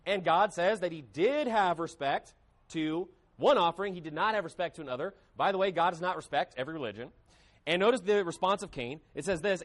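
A man's voice: a little high, expressive, brisk. A man preaching a sermon with emphasis, acting out quoted voices. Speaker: pastor.

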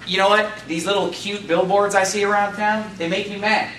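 Male pastor, high bright voice, fervent sermon delivery, roomy church sound with faint ambience. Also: fairly even intonation, a little hiss or hum. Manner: preaching, fervent emphasis, reads scripture slowly. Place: church sanctuary. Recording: echoey church room, mic at a distance.

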